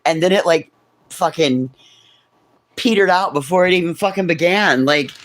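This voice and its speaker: A man's voice: a little high, normal speed, fairly bright tone, no room sound. A man hosting a casual morning livestream chat. He talks sarcastically, swears, and drops into whispered asides. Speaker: livestream host.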